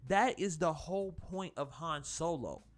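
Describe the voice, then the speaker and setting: Male host, slightly raised pitch, casual profane film review, rambling with restarts, faint music bed. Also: animated, measured pace.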